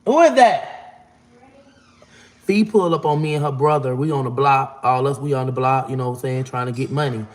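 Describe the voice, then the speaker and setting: A man's voice: mid-range voice, fairly even intonation, fast, hardly any pauses. A man, casually telling a long, profane story. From Florida. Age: 40s. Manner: profane, rambling, acts out quotes in a raised voice. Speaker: vlogger.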